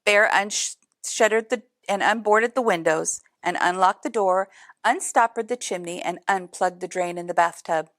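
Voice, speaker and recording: A woman reading a picture book aloud in an expressive way, adding chatty asides to young listeners. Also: mid-range voice, moderate pace, no room sound, clean studio sound. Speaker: storybook reader.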